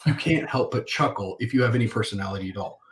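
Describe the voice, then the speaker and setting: Low-voiced man telling animated stories. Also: fast. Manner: animated storyteller acting out phone calls. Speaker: guest. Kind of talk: interview.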